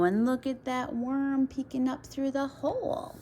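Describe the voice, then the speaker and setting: A woman reading a rhyming picture book aloud to children, pausing for friendly asides to her listeners. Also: high voice, little pitch movement, a little mellow. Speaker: children's story reader.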